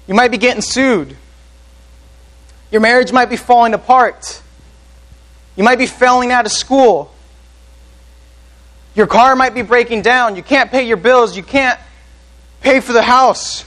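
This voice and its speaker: Pastor, male, high voice, earnest sermon delivery with questions to the room. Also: measured pace, long pauses, fairly bright tone, low-quality recording. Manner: earnest preaching, asks the congregation questions.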